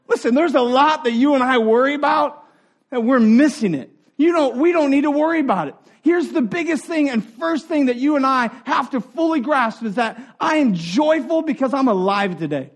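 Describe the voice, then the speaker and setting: A middle-aged man preaching a sermon in an earnest, conversational way, dropping to quiet asides and rising for emphasis. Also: very high-pitched, lively intonation, moderate pace. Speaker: pastor.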